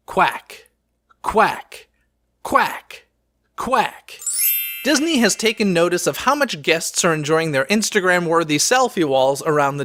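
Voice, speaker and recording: A man's voice: a little high, sharp tone, no room sound, clean studio sound. A man hosting a podcast, reading a scripted news roundup in an upbeat way and dropping sarcastic quips.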